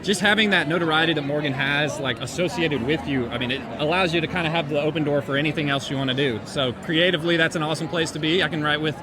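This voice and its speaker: A modest, easygoing man from North Carolina, a songwriter, talking fast on a red carpet. A crowd murmurs loudly behind him outdoors. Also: on the high side. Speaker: songwriter guest. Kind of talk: interview.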